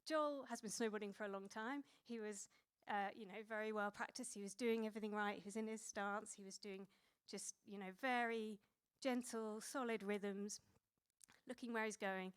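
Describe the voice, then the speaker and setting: A woman's voice: medium pitch, steady tone, normal speed, smooth. A woman in her thirties preaching a sermon in a conversational way, with many fillers and restarts.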